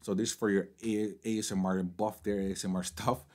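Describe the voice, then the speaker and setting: A man's voice: on the low side, level tone, brisk, darkish tone. A man casually reviewing microphones at his desk, chatty and mixing in phrases as he talks at varying distances from the mics. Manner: chatty, code-switching between English and Filipino phrases. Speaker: tech reviewer. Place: home desk setup. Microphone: condenser mics on desk at varying distance.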